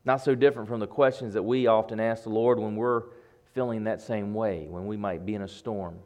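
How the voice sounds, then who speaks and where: A man preaching a sermon, swinging between loud bursts and hushed passages, building rhythmic lists and asking his listeners questions. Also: on the low side, steady tone, brisk. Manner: addresses listeners directly with questions.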